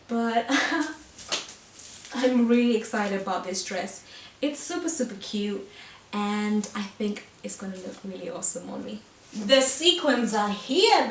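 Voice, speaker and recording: Recorded from a distance in an echoey room with a little hiss or hum, a woman fashion vlogger chats casually during a try-on haul. Her fairly high voice comes across bubbly, giggly and slightly breathless.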